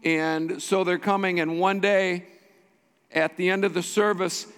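A pastor with a high-pitched voice delivers a sermon in a church sanctuary, driving each point with repeated short phrases. He speaks a little slowly in a steady, fairly bright, clear and resonant tone. A long hall reverb trails his words.

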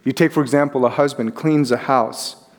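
A middle-aged man preaching a sermon in a conversational, animated way, acting out quotes as he goes. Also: mid-range voice, moderate pace. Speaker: pastor. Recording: long hall reverb.

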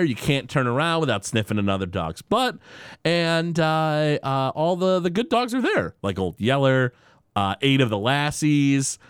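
A man chatting casually on a podcast, retelling a cartoon episode with lots of fillers and quick quoted bits. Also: mid-range voice, clear, resonant tone, no room sound, clean studio sound. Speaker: podcast host.

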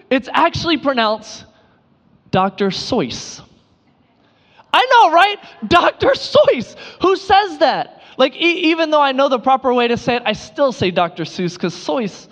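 Animated high-voiced man preaching in a hall. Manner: animated, playful storytelling with mock surprise. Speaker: pastor. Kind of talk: sermon.

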